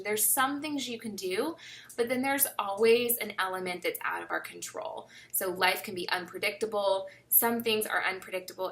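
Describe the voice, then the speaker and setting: Bright-voiced young woman giving friendly advice. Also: medium pitch. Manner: warm, encouraging, chatty with many fillers. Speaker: fitness vlogger. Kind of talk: casual advice talk to camera.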